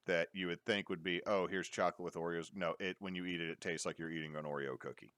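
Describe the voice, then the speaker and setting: Guy, middle-aged, low voice, dry close sound, lively storyteller for a chat show. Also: quick pace, no echo. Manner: animated storyteller, acts out quotes. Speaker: podcast co-host. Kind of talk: casual chat.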